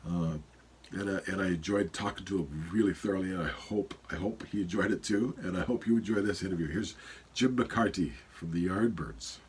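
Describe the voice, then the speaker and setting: A man's voice: deep voice, fairly quick, darkish tone, slight background noise. A man in his fifties with a stuffy nose, hosting a podcast in a rambling, casual solo intro full of fillers. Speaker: podcast host.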